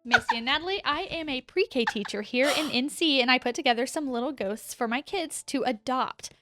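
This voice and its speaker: A woman's voice: high voice, brisk, music in the background. A young woman co-hosting a podcast, chatting casually and gushing over gifts. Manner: excitable, gushing. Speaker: podcast co-host. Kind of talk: casual chat.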